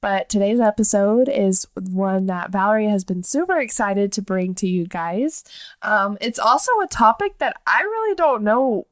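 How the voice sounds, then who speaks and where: A woman's voice: medium pitch, expressive, normal speed, no echo. A woman co-hosting a podcast, chatty and apologetic, with a stuffy, nasal voice from allergies. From Texas. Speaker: podcast co-host. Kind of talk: casual chat.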